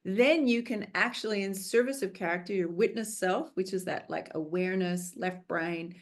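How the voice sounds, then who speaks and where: A woman's voice: medium pitch, moderate pace. A woman film director speaking as a guest in an interview, earnest and reflective, coaching in tone, and stretching some words out for emphasis. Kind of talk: conversational interview.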